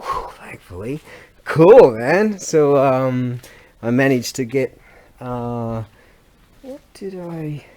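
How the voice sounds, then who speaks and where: A man's voice: medium pitch, mellow. A man, chatting casually in a rambling, self-interrupting vlog. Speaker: vlogger.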